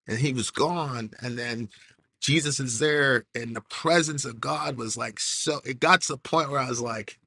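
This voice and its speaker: A man speaks with a bright, forceful edge in a dry, close sound. He tells a personal story earnestly, stopping and restarting and leaning on filler words as he searches for each phrase. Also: medium pitch, moderate pace, slightly rough, no room sound. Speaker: interview guest. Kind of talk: emotional personal testimony.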